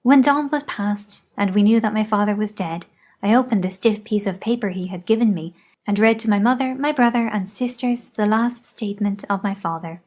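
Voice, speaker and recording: Measured woman reader for a memoir audiobook, even mid-range voice. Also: medium pitch. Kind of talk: scripted narration.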